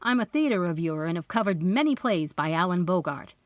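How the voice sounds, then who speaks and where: A woman voicing a smooth, curious male theater critic from the big city in an audiobook. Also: lowish voice, lively intonation, fairly quick, dry recording, clean studio sound, natural voice. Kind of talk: audiobook character voice.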